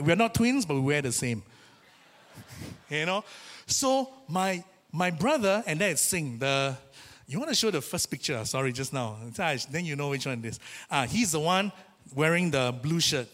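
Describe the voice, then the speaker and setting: A man preaching a sermon in a church, telling a personal story in a lively, chatty way and acting out the voices he quotes. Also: on the high side. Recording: reverberant church hall.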